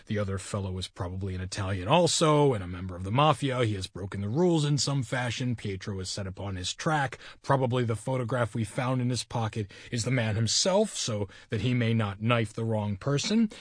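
A man's voice: fairly low pitch, expressive, brisk, hardly any pauses, no room sound, studio quality. A man reading the part of a brash, self-assured police inspector, assertive and a little condescending.

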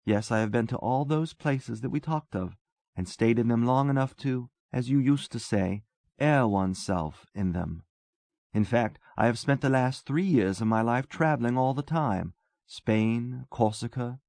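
A man reading a story voices a wistful English gentleman who talks earnestly and tenderly. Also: mid-range voice, measured pace, creaky, no room sound. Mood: light, musing.

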